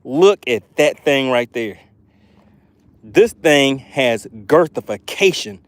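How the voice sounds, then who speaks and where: A young man hosting a live fishing stream from a boat outdoors, talking excitedly to viewers and joking with made-up words. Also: mid-range voice, slow pace, no room sound. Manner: animated, hypes viewers, playful made-up words. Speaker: fishing channel host.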